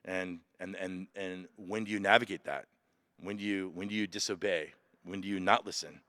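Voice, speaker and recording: A man recounting his Marine boot camp experience as a podcast guest, animated and emotional, acting out shouted orders. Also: low-pitched, moderate pace, no echo. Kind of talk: emotional storytelling. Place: museum.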